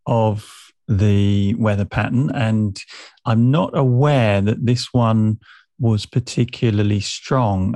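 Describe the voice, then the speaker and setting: A man with an English accent talks through the news as an editor on a podcast. He is measured and informative, with a lowish voice. The sound is close and dry. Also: a little mellow, dry recording.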